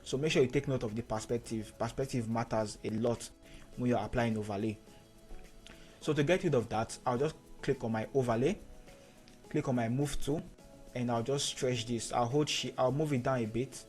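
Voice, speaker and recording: A man teaching photo editing in a screen-recorded tutorial, giving steady step-by-step instructions and repeating key points. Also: medium pitch, normal speed, soft background music.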